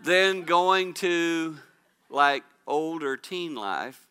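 A middle-aged man speaking at a women's church gathering, telling funny parenting stories with an animated, laughing delivery. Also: a little high, normal speed, clear, resonant tone. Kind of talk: humorous storytelling talk to a live audience.

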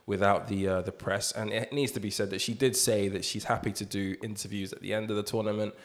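A man's voice: lowish voice, fairly even intonation, fast. A man hosting a podcast, chatting casually, swearing, and joking as he reads out statements. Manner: profane, joking, mock-reads quotes. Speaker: podcast host. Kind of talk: casual chat.

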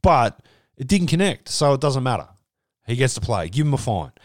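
A man's voice: medium pitch, very animated, normal speed, no room sound, studio quality. A man with an Australian accent co-hosting a casual sports podcast, blunt and sweary. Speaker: podcast co-host.

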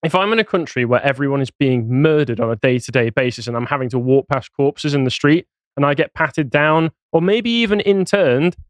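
A man's voice: mid-range voice, a little fast, hardly any pauses, no echo. A man co-hosting a casual podcast, reading news articles aloud and mocking them with sarcastic asides. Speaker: podcast co-host.

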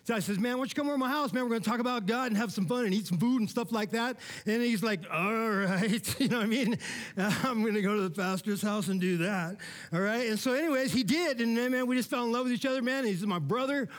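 A pastor with a high, light voice delivers a sermon like a chat with friends. He keeps checking in with his listeners and shifts from loud, emphatic bursts to low, quiet asides. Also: fast. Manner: casual, conversational preaching with frequent "man" and "all right?".

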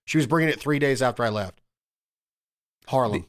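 A man in casual podcast chat, telling excited, profane stories and calling his friend "bro" and "dude". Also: mid-range voice, brisk, creaky.

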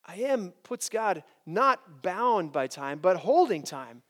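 A man's voice: high voice, big pitch swings, a little slow, hardly any pauses. A man preaching to college students, speaking animatedly, restarting his sentences and often asking "right?". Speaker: campus preacher.

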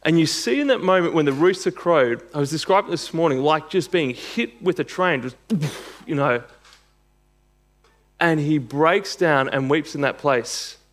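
A man's voice: on the high side, expressive, measured pace. A man preaching a sermon and reading scripture aloud, earnest and emphatic, building to bursts of intensity.

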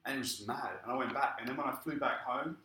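A man preaching a sermon and telling his own story in a lively way. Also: mid-range voice, fast talker, reverberant, slight background noise, rough recording. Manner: lively storytelling, acting out quoted speech. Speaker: pastor. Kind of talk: sermon with personal testimony.

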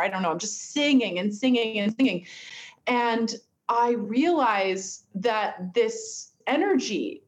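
A woman telling a personal story in an earnest, heartfelt way, with many fillers. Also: fairly high pitch. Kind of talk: reflective storytelling. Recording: dull lo-fi sound.

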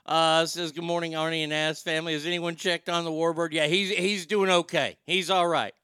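High bright-voiced man hosting. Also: fairly quick, smooth, no room sound, studio quality. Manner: loose, excitable, swears freely, reads viewer comments aloud. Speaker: talk show host reading chat. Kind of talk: casual live-stream chat.

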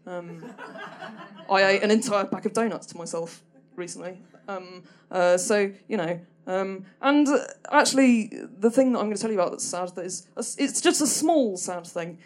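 A woman's voice: medium pitch, normal speed, darkish tone. A young woman does stand-up on a small comedy stage. She rambles and hesitates, restarting sentences with plenty of ums. Her humour is dry and self-deprecating. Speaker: stand-up performer. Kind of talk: stand-up storytelling.

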